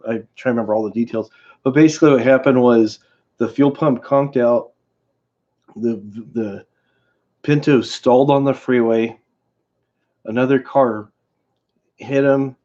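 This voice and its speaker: A man hosting a livestream, telling a story in a casual, rambling way with many halting restarts. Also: medium pitch, steady tone, warm tone. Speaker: livestream host. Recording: dull lo-fi stream audio.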